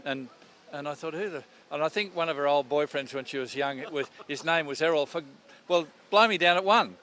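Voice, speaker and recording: Interviewed outside at a racetrack, an older Australian radio presenter rambles and tells stories in a casual chat. He talks a little fast in a highish voice with a bright, forceful tone, and there's slight background noise.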